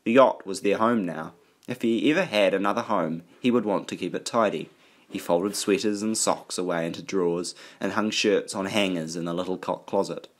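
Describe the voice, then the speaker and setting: A man reading an audiobook aloud in a steady, even storytelling manner. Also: low voice, moderate pace. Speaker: audiobook narrator. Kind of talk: audiobook narration.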